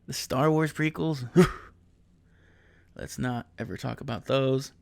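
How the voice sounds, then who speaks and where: A man's voice: mid-range voice, takes it slowly, vocal fry, no echo. Profane rambling man in his thirties. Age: 30s. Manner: profane, rambling, laughs at own jokes. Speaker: podcast host. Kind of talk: casual comedic monologue.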